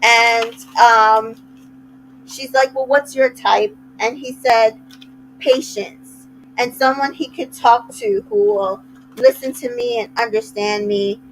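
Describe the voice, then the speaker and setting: A woman's voice: fairly high pitch, takes it slowly, slight background noise, low-quality recording. A woman casually recapping a reality show, chatty and retelling scenes with little quoted asides. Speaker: recap host.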